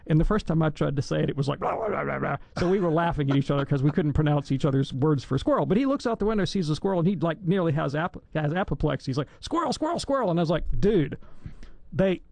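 A man's voice: a little high, racing, gravelly, few pauses, a little mellow, no echo. A man from Alabama answering listener questions on a call-in radio show, chatty and jokey with rambling digressions. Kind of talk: casual radio Q&A.

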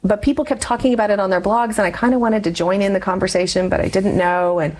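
A woman's voice: medium pitch, fast talker, a little mellow. A middle-aged woman, an interview guest, telling a personal story in an earnest, reflective way. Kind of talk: personal testimony in conversation.

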